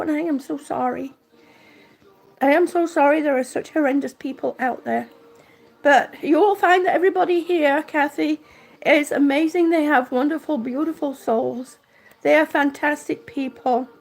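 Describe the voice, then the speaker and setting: A woman's voice: high voice, fairly even intonation, moderate pace, creaky. Chatty woman vlogging from home. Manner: chatty, warm, thanks viewers by name. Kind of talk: casual live-stream chat. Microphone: phone or camera held by hand.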